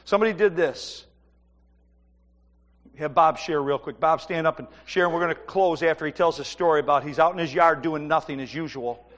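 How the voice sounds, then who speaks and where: Male pastor, high voice, fervent sermon delivery, long hall reverb. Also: brisk. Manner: fervent, rising to loud preaching.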